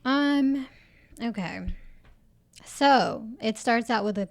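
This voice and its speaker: A woman co-hosting a relaxed book-club chat, her voice on the high side. She speaks slowly and drops dry, wry quips about the story. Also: vocal fry. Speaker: podcast co-host.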